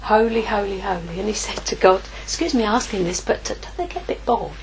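A woman preaching a sermon, lively, moving from hushed asides to exclaiming. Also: medium pitch, quick pace, gravelly, a little hiss or hum, poor audio. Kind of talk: sermon teaching.

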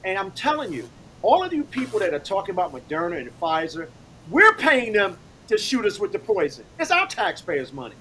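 A man on a roundtable delivering indignant, emphatic rants. His pitch sits high and swings widely. A faint rumble of noise sits under his voice. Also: huge pitch swings, fairly quick, bright, forceful tone, low-quality recording. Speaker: roundtable guest. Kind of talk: heated political commentary.

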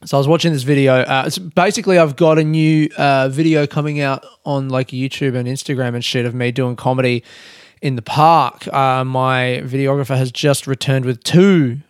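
A man's voice: mid-range voice, steady tone, moderate pace, clean tone, no echo, studio quality. A man hosting a casual solo podcast from his room, rambling, joking at his own expense and swearing freely. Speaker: podcast host and comedian. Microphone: desk podcast mic.

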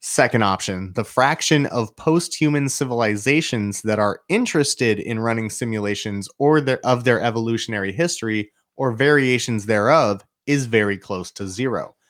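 A young man hosting a relaxed podcast. He talks through an idea he is reading up on, loose and chatty, with swearing and quick laughs along the way. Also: medium pitch. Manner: explains from notes, swears and laughs freely. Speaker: podcast host. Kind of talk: casual podcast chat.

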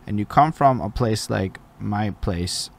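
A man's voice: fairly low pitch, lively intonation, unhurried, creaky. A man hosting a podcast, talking casually in a slangy, laid-back way and swearing freely.

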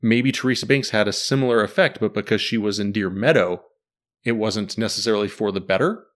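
A man's voice: fairly low pitch, fairly quick. A man in casual chat, animatedly breaking down a TV series and quizzing his co-host. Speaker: podcast host discussing a TV series.

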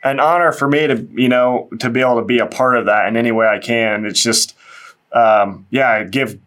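A man's voice: mid-range voice, normal speed, fairly bright tone. A man hosting a faith-based interview in a loose, repetitive way, often acting out quoted voices. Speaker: host.

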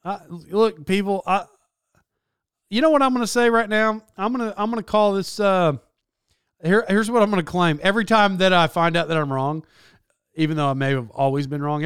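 A man's voice: fairly high pitch, fairly bright tone, clear, resonant tone, dry recording, studio quality. Rambling, self-correcting man. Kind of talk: casual monologue.

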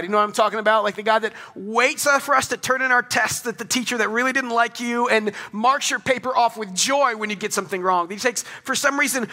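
A young male pastor preaches to a congregation in a high-pitched, sharp voice. He's earnest and conversational, punctuating his sermon with emphatic rising questions.

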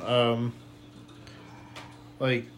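A man co-hosting a casual podcast chat who speaks bluntly and haltingly, with many fillers. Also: mid-range voice, completely flat delivery, a little hiss or hum. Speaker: podcast co-host.

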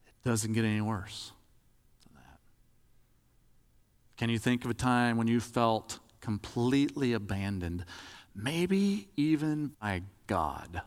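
A man's voice: mid-range voice, expressive, measured pace, in a large hall. A man preaching a sermon in a conversational, demonstrative way, acting out examples as he talks.

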